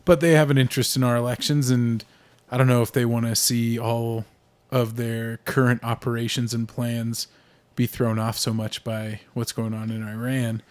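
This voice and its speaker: A man's voice: mid-range voice, level tone, moderate pace. A young man from the United States co-hosting a casual podcast, talking politics and movies with lots of fillers and restarts. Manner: rambling, frequent fillers and restarts. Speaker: podcast co-host.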